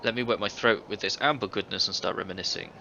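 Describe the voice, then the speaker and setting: A man's voice: fairly low pitch, fairly even intonation, fast talker, vocal fry, pushed and bright. A man voicing a middle-aged former thief in a video game, telling tales with hearty, boastful relish. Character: older male ex-thief, boisterous tavern storyteller. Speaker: game character. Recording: dull game audio with faint hiss.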